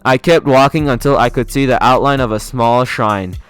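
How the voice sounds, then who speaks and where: Smooth-voiced man reading a fan story. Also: mid-range voice, soft background music. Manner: soft, steady, slightly halting. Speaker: fan fiction reader.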